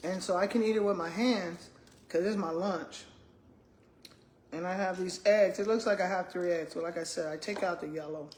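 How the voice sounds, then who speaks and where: A woman's voice: fairly low pitch, steady tone, moderate pace, darkish tone. An older woman, chatting casually with viewers while eating and talking between bites. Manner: chatty, talks with her mouth full, calls viewers "y'all". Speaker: vlogger, retired school principal. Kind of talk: casual live-stream chat while eating. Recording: echoey room.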